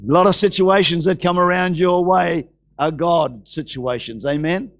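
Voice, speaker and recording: A man with an Australian accent, preaching a sermon in church, stressing and slowly repeating Bible phrases. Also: on the high side, vocal fry. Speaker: pastor.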